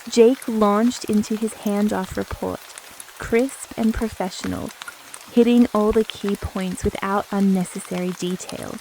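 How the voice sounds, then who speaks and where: A woman narrating a spicy romance sleep story in a calm, even reading voice. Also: mid-range voice, unhurried, gravelly, a little hiss or hum, low-quality recording.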